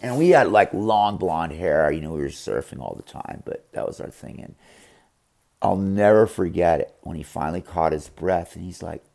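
A man telling a rambling, profane story in a casual, animated way. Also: sits low, normal speed, creaky. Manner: profane, rambling, animated, acts out others' voices.

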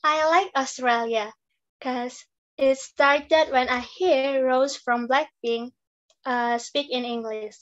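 Woman, English learner, enthusiastic, very high voice, slow pace. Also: fairly even intonation. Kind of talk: reading a prepared answer. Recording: dull lo-fi recording.

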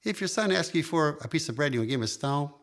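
Emphatic preaching pastor, man. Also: animated. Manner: emphatic preaching with big pitch jumps and drawn-out phrases. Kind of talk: sermon.

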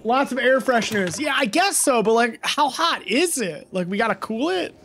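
Man, high voice, live game streamer, rambling, puzzled, faint background hiss. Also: lively intonation, normal speed, a bit bright. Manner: rambling, puzzled, asks himself questions aloud. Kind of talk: live gameplay commentary.

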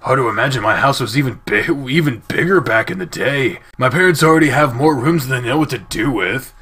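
A man's voice: medium pitch, expressive, a little fast, a bit bright, breathy edge. A man voicing a laid-back young male hoofed creature who rambles casually in a game read-through. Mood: chatty.

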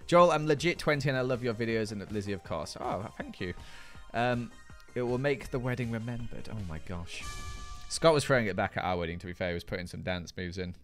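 A man's voice: fairly low pitch, lively intonation, brisk, faint music behind. A British man hosting a live gaming stream, chatting playfully and reading viewer comments aloud. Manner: chatty, playful, jokey banter with chat.

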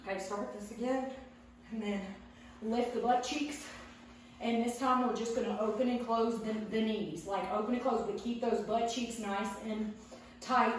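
A woman's voice: a little high, a little hiss or hum. A woman chatting casually while she leads a home workout, out of breath as she exercises. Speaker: fitness vlogger. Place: home room. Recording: very echoey room from far off.

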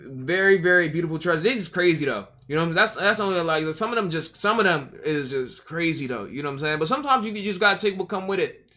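Bright slangy male streamer. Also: on the high side, lively intonation, fast. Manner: slangy, rambling, repeats himself. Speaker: streamer reacting to a video. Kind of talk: casual reaction commentary.

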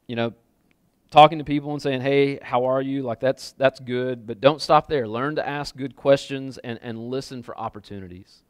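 Smooth-voiced male pastor preaching casually. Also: medium pitch, moderate pace, no room sound, clean studio sound. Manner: casual, conversational preaching with many "like" fillers and repeats. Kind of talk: sermon. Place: church sanctuary with a congregation.

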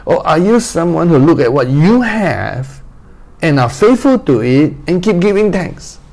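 A man's voice: fairly high pitch, sing-song, measured pace, creaky, a little mellow. A male pastor preaching a sermon, repeating phrases and asking the listeners direct questions.

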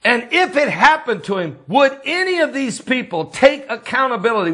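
Man, preacher, very high-pitched voice, impassioned commentary, repetitive rhetorical questions, occasional shouting. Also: very animated, normal speed.

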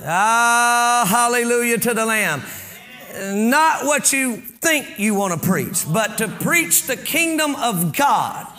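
A man preaching as pastor reads scripture aloud, pauses to explain it, and builds to fervent shouts on key points. His voice is very high-pitched with lively intonation, and he takes it slowly.

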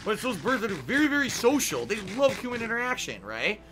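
A man's voice: very high-pitched, wildly swooping pitch, quick pace, a bit bright. A man chatting casually while streaming a game, swearing often and ranting in heated, emphatic bursts. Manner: profane, ranting. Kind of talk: casual gameplay chat.

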